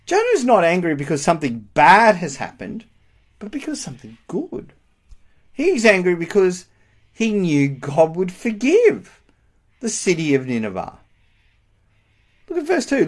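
A man preaching a sermon, animated and emphatic, asking rhetorical questions. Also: high-pitched, moderate pace.

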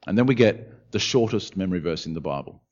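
A man preaching a sermon, sinking to hushed words and climbing to urgent questions. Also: low-pitched, fast, dull audio. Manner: expressive preaching, dropping to hushed tones and rising to urgent questions. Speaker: pastor.

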